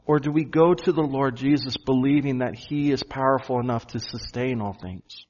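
A man's voice: medium pitch, darkish tone. Earnest male pastor preaching, lo-fi. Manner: earnest preaching, slows and stresses key phrases. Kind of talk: sermon. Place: church.

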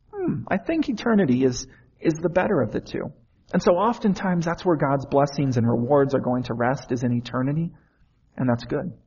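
A man's voice: medium pitch, gravelly, darkish tone, husky, dull audio. A man preaching a sermon in an earnest way, often asking the listeners questions.

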